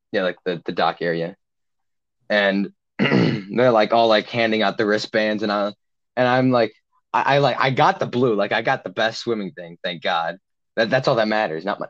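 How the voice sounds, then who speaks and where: A man's voice: lowish voice, muffled recording. Rambling young man telling a story. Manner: rambling, with many fillers and restarts. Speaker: podcast co-host. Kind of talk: casual storytelling chat.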